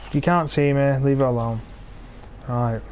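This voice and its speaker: A man's voice: medium pitch, heavy background noise. An English man in his twenties giving live commentary on a tank game he is streaming, grumbling and sarcastic about his teammates, recorded on a cheap gaming mic. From England. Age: 20s.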